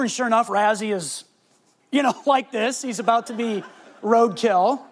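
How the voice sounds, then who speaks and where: A middle-aged man preaching a sermon, telling a family story and slowing down to stress key words. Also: sits high. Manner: storytelling, varies pace for emphasis. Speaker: pastor.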